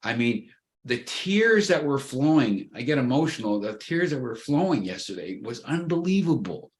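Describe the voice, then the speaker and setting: A man's voice: mid-range voice, big pitch swings, moderate pace. Folksy, enthusiastic man in his fifties. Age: 50s. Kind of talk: casual chat. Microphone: video call.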